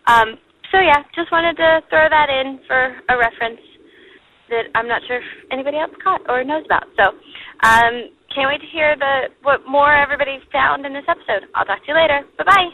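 A woman's voice: sits high, brisk. Chatty woman on a tinny phone line. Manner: rambling, chatty, many fillers. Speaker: caller. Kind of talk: voicemail call-in.

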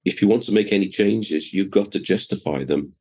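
Deep-voiced older man explaining calmly. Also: husky. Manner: measured, explanatory. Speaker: professor and building surveyor. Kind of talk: interview answers.

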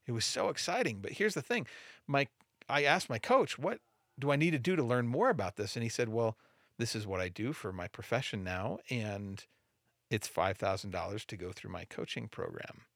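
A man's voice: mid-range voice, expressive, normal speed, fairly bright tone, dry recording, clean studio sound. A middle-aged man, a mindset coach, earnestly telling his own story and acting out quoted dialogue. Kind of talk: personal storytelling.

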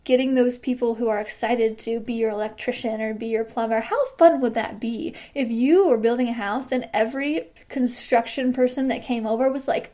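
A woman in her thirties hosting a casual solo podcast, bubbly and quick to laugh. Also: on the high side. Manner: bubbly, laughs often, acts out quoted excited voices. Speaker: podcast host.

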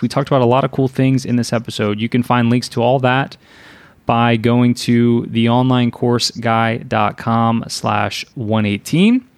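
A man's voice: medium pitch, dry recording. A man hosting a casual podcast chat, upbeat as he wraps up the episode with plugs for the show. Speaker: podcast host.

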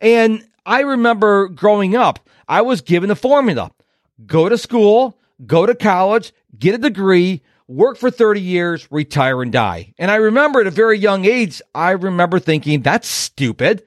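This fifties-aged man, a productivity coach, runs a motivational podcast where he talks in a punchy, emphatic way and mimics other people. His high-sitting voice is animated and moves at a normal speed, with no room sound at all.

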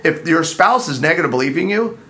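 A man's voice: on the high side, animated, brisk, bright, forceful tone. A man hosting a casual podcast for couples with an easygoing, playful manner. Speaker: podcast host, couples counselor.

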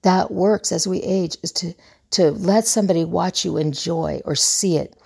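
A woman's voice: fairly low pitch, moderate pace, gravelly, darkish tone, slightly rough. A woman in her fifties hosting a relationship advice show, talking earnestly in a rambling way with many fillers and restarts. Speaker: relationship coach and podcast host. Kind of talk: casual advice monologue.

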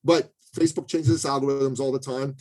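A man's voice: mid-range voice, fairly even intonation, fairly quick, darkish tone, rough recording. A man speaking as a guest in a podcast interview, coaching listeners on sales in an emphatic, pushy way with many asides and restarts.

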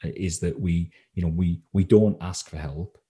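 A man's voice: low voice, steady tone, normal speed, dark tone, breathy edge. A man from England, a coach being interviewed on a podcast, talking casually with many ums and restarts. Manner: hesitant, lots of ums and restarts. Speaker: confidence coach guest.

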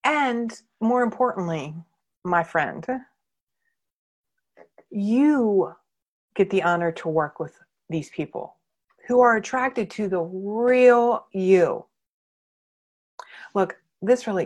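A woman's voice: medium pitch, expressive, unhurried. A woman coaching her clients in a candid training talk, emphatic and blunt, and she swears freely. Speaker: marketing coach.

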